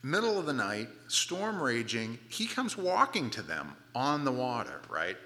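A man preaching a sermon, retelling a scripture story with lively asides and acted-out moments. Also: mid-range voice, a little slow, big-room sound. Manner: animated storytelling, acts out the scene, casual asides. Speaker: pastor.

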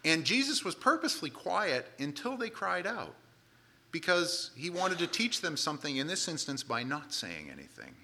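A man's voice: mid-range voice, bright, forceful tone. A man preaching a sermon, retelling a Bible story with dramatic quoted voices.

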